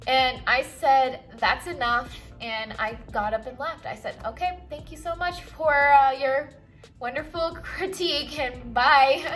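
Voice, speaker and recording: A woman's voice: on the high side, fairly bright tone. A young woman talking frankly and chattily while doing her makeup, a doctor vlogging. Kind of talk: casual get-ready-with-me chat.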